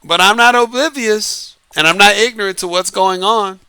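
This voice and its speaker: Male vlogger, high, sharp and clean voice, dry close sound, laughs through a loose slangy rant. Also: normal speed, smooth, no room sound. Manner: laughs often, uses Southern-flavored slang. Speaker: online commentary host. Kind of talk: casual monologue to viewers.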